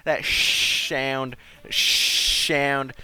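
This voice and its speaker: A man's voice: medium pitch, level tone, sharp tone, smooth. A man hosting a livestream, chatting casually with many fillers and restarts. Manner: halting, filler-heavy. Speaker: livestream host. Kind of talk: casual chat.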